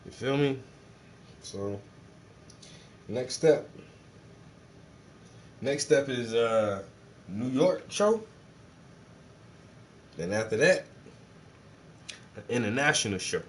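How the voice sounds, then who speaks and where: A man's voice: mid-range voice, lively intonation, slow pace, long pauses, a little hiss or hum. A man, chatting casually and profanely while he paints, joking and rambling to his viewers. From South Carolina.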